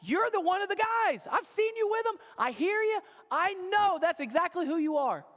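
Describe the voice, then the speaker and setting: A male preacher voicing a pushy bystander who keeps accusing, loud and needling, in a long hall reverb. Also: very high voice, big pitch swings, normal speed, voice pushed up, exaggerated voice.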